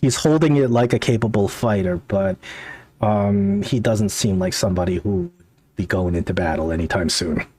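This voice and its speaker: A man's voice: lowish voice, moderate pace, a little mellow, slightly rough, dry recording. A man running a tabletop game as game master, narrating with hesitant fillers.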